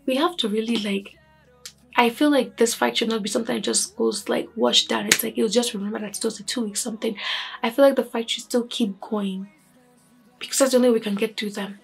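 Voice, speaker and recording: Young woman vlogger, husky, fairly high voice, exasperated and sighing, soft music under her. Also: steady tone, brisk. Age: young adult. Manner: exasperated, sighing, repeats herself. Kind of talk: frustrated opinion vlog.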